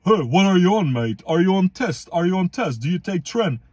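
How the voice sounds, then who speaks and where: A man's voice: high voice, sing-song, fairly quick, a little mellow, no echo, dull audio. A man voicing a pushy, jealous British man at a club, blunt and confrontational.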